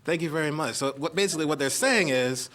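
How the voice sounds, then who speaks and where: A man's voice: fairly high pitch, quick pace, fairly bright tone. A man doing his first stand-up set on a club stage, nervous and rambling with fillers, into a handheld mic. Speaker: stand-up comedian.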